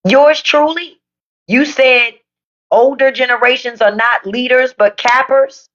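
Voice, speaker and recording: A woman's voice: sits high, fairly even intonation, measured pace, a bit bright, lo-fi sound. A woman hosting a live stream, delivering a blunt, profane political rant to her viewers. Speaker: livestream podcast host. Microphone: phone or desk mic for a live stream.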